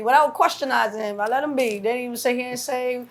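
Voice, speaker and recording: Animated, cursing middle-aged woman. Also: a little high, fast, few pauses. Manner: animated storyteller acting out quotes, heavy cursing. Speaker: guest, mother of a rapper. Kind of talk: storytelling in a casual interview.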